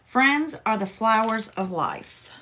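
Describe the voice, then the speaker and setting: A woman's voice: a little high, lively intonation, takes it slowly, pushed and bright. A woman hosts a casual crafting livestream, chatty and playful, talking straight to her viewers.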